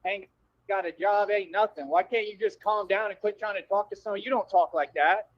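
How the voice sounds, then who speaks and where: A high-pitched man talks briskly on a livestream, delivering a repetitive, slangy, confrontational rant aimed at his viewers. The recording is dull, dry livestream audio.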